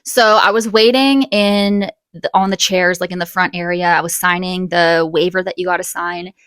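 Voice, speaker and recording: A young woman telling a casual storytime vlog, chatty and animated, with quick bursts and gasps. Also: on the low side, smooth, no echo. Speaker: vlogger.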